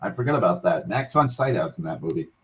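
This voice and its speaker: A young man hosting an online talk show, rambling casually with frequent profanity, restarts and excited tangents. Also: low-pitched, fast, rough recording. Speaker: internet talk show host.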